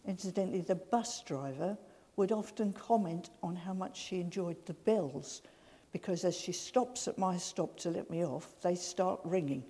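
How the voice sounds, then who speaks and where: A woman giving a sermon in a gentle, slow storytelling way. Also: lowish voice, husky. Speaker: preacher. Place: large church. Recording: reverberant church hall.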